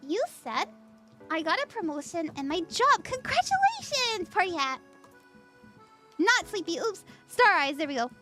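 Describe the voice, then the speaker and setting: A woman's voice: very high voice, big pitch swings, normal speed, over music. A woman streaming a casual tarot reading, chatty and giggly as she reads out chat messages.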